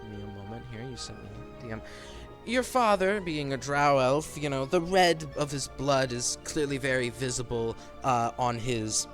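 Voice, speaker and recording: A man's voice: medium pitch, moderate pace, soft background music. A man narrating a tabletop game as game master in a loose, rambling way. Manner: loose, rambling, lots of fillers and restarts.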